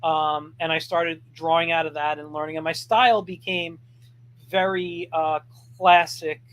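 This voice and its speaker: A man's voice: fairly high pitch, flat delivery, unhurried, fairly bright tone. A man being interviewed about his cartooning, telling stories in an easygoing way with plenty of fillers. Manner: easygoing storyteller, many fillers. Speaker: guest cartoonist. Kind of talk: casual interview chat.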